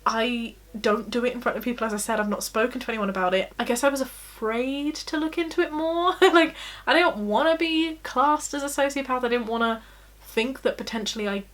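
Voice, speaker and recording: A woman's voice: fairly high pitch, fairly bright tone. A young woman vlogging candidly from her bedroom, self-deprecating and laughing often as she talks. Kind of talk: personal confessional vlog.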